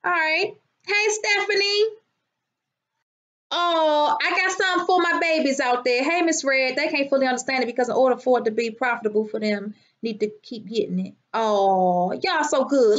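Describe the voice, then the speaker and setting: A woman's voice: high-pitched, animated, moderate pace, a bit bright. A woman hosting a casual live stream, brash and profane, greeting her viewers by name. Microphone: phone.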